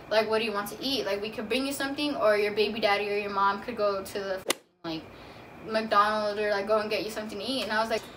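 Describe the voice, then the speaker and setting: A young woman casually telling a personal story in a vlog, talking loosely with lots of fillers. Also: medium pitch. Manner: casual, chatty, many "like" fillers. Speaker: vlogger. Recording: from a distance, faint room noise.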